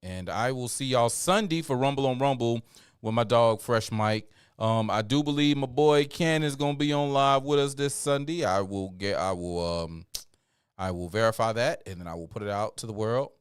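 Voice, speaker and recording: A man hosting a livestream, sounding tired and talking casually, with many fillers and shout-outs. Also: medium pitch, normal speed, clean tone, no echo, clean studio sound. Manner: preachy build-up then laid-back rambling. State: tired, yawning. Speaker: livestream host.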